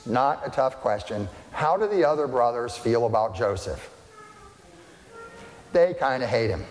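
A man preaches a sermon in an easy, conversational manner, at a middling pitch for a man. He keeps asking his listeners rhetorical questions and drops in dry jokes. His voice rings with the long reverb of a large church room. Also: sing-song, unhurried, faint music behind. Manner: conversational, asks the congregation rhetorical questions, dry humorous asides. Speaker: pastor.

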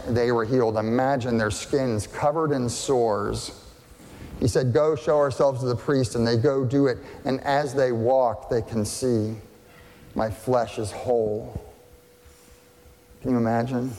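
A man preaching a sermon as pastor, deliberate and questioning, often checking that listeners follow. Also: mid-range voice, darkish tone. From family partly German and partly English. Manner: slow, deliberate, asks the congregation questions. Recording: long hall reverb.

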